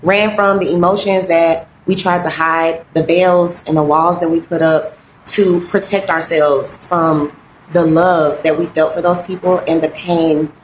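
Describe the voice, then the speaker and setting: A woman coaching on grief and wellness in a heartfelt, halting, reflective way, sounding close to tears. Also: fairly low pitch, fairly even intonation, a little hiss or hum. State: fighting back tears. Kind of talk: earnest motivational talk. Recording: roomy echoey room.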